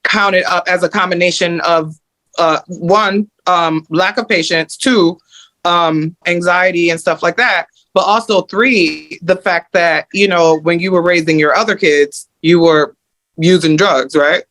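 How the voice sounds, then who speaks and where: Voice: medium pitch, measured pace, a bit bright. A coach on a video call who lays out points one by one, with frequent fillers. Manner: methodical, lists points, many fillers. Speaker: mindset coach.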